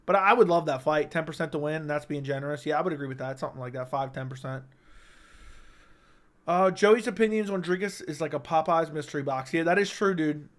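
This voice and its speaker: A man's voice: on the high side, brisk. A young man hosting a casual livestream, telling stories animatedly with frequent swearing and "right?" asides. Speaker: livestream host.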